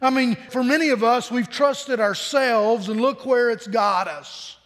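A man's voice: very high voice, unhurried, a bit bright. A man preaching a sermon in an earnest, conversational way, often repeating words as he goes. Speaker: pastor. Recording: long hall reverb.

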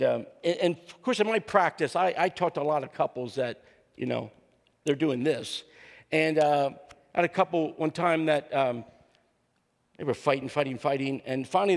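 An older man delivers a humorous sermon, with a gravelly, slightly high voice. He tells stories and playfully acts out the people in them. His voice rings with the long reverb of a church sanctuary. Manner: joking storyteller, acts out quotes. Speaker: guest preacher and counselor.

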